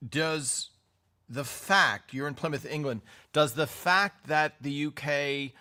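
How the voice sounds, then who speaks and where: A man's voice: a little high, takes it slowly, sharp tone. An American man hosting a live stream, chatting casually and reading out viewer comments, often correcting himself. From United States. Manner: chatty, reads comments aloud, self-corrects.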